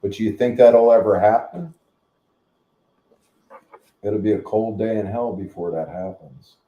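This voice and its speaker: A man's voice: fairly low pitch, a little slow, dull audio. A middle-aged man hosting a channel, ranting in a blunt, profane, rambling way. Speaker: channel host. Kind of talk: casual rant. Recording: echoey room.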